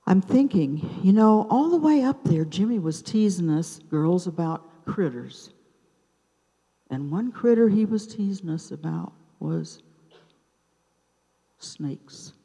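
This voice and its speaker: An older woman in her seventies tells a true story from a theater stage, her voice low-pitched and mellow. She speaks very slowly and lets dramatic pauses hang between short phrases. The live room gives her a long, reverberant tail. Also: animated, slightly rough. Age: 70s. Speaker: open mic storyteller.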